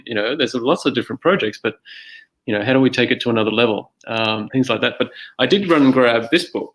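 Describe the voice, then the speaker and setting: A man hosting a podcast, chatting casually and relaxed, with many "um" and "uh" fillers. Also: mid-range voice, fairly quick, poor audio. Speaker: podcast host. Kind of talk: casual interview chat.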